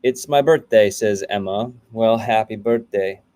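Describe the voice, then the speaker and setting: A man's voice: lowish voice, a little slow, darkish tone. A man in his thirties hosting a casual livestream, greeting viewers by name and answering programming questions in a loose, chatty way. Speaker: livestream host, coding coach.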